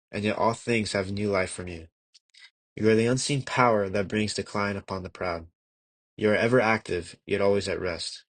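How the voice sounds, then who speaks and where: A young man reading a classic religious text aloud as an amateur audiobook narrator, measured and earnest, with occasional slips and restarts. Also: lowish voice, no echo. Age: young adult. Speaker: audiobook reader.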